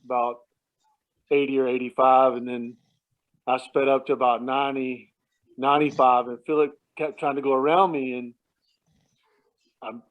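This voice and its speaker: Male, mid-pitched, rambling phone-call storyteller with frequent chuckles; thin, phone-like audio. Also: little pitch movement, normal speed, pauses often. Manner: rambling, chuckles often, many restarts. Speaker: relative sharing memories at a family remembrance. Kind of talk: casual anecdotal storytelling. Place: at home at night. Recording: tinny phone line.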